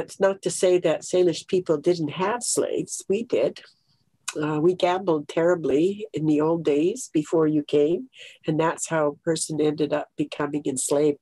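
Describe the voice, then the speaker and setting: A woman's voice: fairly low pitch, darkish tone, no room sound. An older woman giving a lighthearted storytelling lecture, often laughing as she talks.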